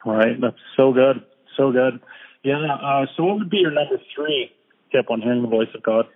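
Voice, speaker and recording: A man's voice: mid-range voice, moderate pace. A man hosting a podcast, giving brief affirming replies and asking questions. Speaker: podcast host. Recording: tinny phone-like line.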